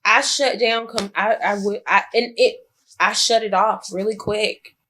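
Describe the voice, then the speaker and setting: A woman co-hosting a podcast in casual chat, with a bright, forward voice. She talks in a reflective way and often stops to restart her sentences. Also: mid-range voice, steady tone, a little slow, slight background noise. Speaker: podcast co-host.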